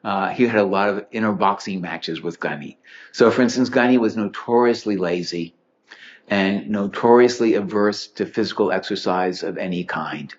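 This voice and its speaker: Male speaker, low voice, witty anecdotal talk, muffled lo-fi recording. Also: normal speed. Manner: witty, chuckling storyteller acting out quotes. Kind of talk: humorous anecdotal storytelling talk. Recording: dull lo-fi recording.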